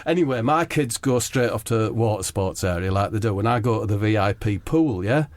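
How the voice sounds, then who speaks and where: A man's voice: lowish voice, lively intonation, fairly quick. Comedy co-host, male, conspiratorial rambling storyteller. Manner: conspiratorial, keeps checking in with "right?" and "yeah?".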